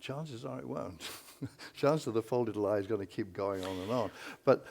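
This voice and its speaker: A man moderating a literary panel, thinking aloud and animated as he talks through a poem. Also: lowish voice, normal speed, gravelly, a little hiss or hum. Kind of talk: panel discussion.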